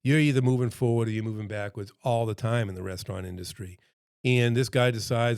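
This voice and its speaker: A man's voice: on the low side, fairly even intonation, fairly quick, darkish tone, clear, resonant tone, no room sound, clean studio sound. Chatty, earnest middle-aged man. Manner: chatty and earnest, lots of fillers and acted-out quotes. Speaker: restaurant consultant. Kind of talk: casual presentation to camera. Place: home room with a dog nearby.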